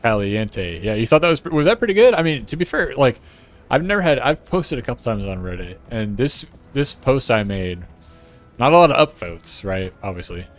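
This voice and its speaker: A man's voice: mid-range voice, very animated, normal speed, faint music behind. An American man streaming, chatting casually and profanely as he rambles and laughs. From United States. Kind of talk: casual chat reacting to a clip.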